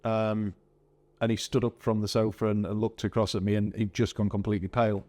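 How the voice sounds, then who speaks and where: Host, male, deeper register, chatty storyteller, lively retelling. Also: a little fast. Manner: animated, retelling with quoted speech. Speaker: podcast host. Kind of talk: casual storytelling chat.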